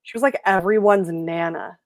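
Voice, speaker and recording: A woman hosting a casual livestream chat, telling stories in a lively way and acting out the people she quotes. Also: mid-range voice, normal speed, dry recording. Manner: chatty storyteller, animated quoted voices. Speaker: host.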